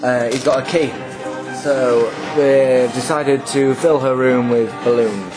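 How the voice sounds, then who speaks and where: A young man, a student, talking through a casual video diary in a relaxed, halting way, with a chuckle now and then. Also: medium pitch, over music, poor audio. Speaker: student vlogger. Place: student hall room.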